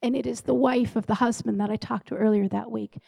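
A woman in ministry giving a lively personal testimony to a congregation, acting out the dialogue as she tells it. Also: fairly high pitch, a little fast, creaky, husky, no room sound, poor audio. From Canada. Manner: animated storyteller who acts out dialogue. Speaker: ministry leader.

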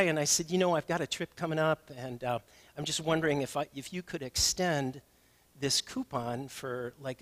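A man's voice: a little high, a bit bright. A male pastor preaching a conversational sermon, building to emphatic questions.

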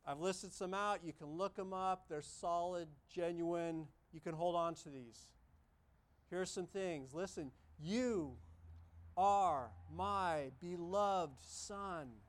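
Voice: mid-range voice, measured pace. A pastor preaching a sermon during a church service, talking emphatically, repeating key phrases and asking the congregation questions. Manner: emphatic, repetitive, asks the congregation many questions.

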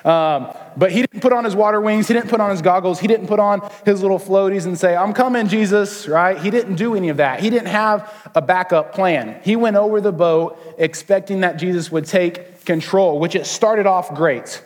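Joking young pastor in a big hall. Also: male voice, high-pitched. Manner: casual, joking, acts out quick voices. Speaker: student pastor. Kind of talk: sermon. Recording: long hall reverb.

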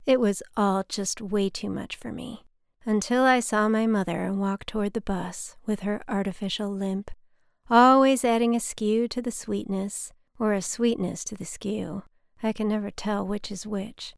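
A woman's voice: medium pitch, vocal fry, darkish tone, dry recording. A woman narrating her own scripted personal story in a dry, wry, reflective way.

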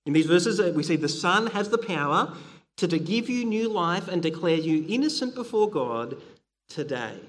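Man, preacher, sermon, high voice, conversational, long hall reverb. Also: animated, normal speed. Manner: earnest, conversational, with frequent "uh" and restarts.

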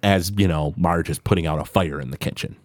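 A man co-hosting a podcast, casually retelling a cartoon episode in a loose, animated way with lots of fillers. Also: low-pitched, dry recording, clean studio sound. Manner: animated, loose retelling with many fillers and quick put-on quotes. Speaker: podcast co-host.

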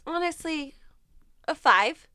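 A woman co-hosting a podcast in casual chat, frank and quick to laugh mid-sentence. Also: high-pitched, expressive, bright, forceful tone, no echo, studio quality. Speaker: podcast co-host.

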